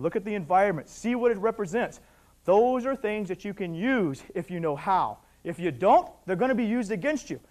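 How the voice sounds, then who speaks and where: An older man teaching a martial arts technique, talking intensely and emphatically and barking short counts as moves are shown. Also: high-pitched. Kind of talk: instructional commentary over technique footage.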